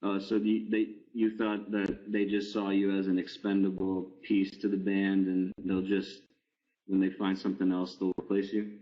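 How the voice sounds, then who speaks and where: Low-ish guy asking questions softly, stumbles on starts, muffled lo-fi audio. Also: monotone, normal speed. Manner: gentle, repeats words when starting. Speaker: interviewer. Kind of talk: interview questions. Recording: dull lo-fi sound.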